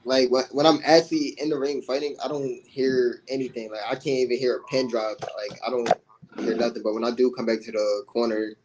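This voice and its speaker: A young man, a boxer, answering interview questions in a low-key, casual way. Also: level tone, a little fast, a little mellow, a little hiss or hum, rough recording.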